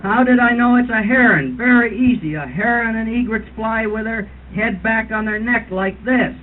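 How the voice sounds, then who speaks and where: Casting: man playing a fussy older birding guide, high voice, tinny lo-fi 1970s tape with a faint hiss. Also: normal speed, lightly acted. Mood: lecturing. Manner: mock-authoritative lecturing, imitates bird calls. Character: fussy older male birding tour leader. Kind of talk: comic impression at a roast dinner.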